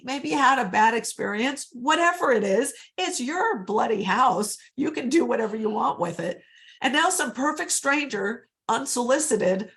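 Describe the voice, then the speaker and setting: In a live online session for real estate agents, a woman with a slightly high, gravelly, fairly bright voice coaches in a chatty, upbeat way. She often says guys to her audience and uses a computer mic.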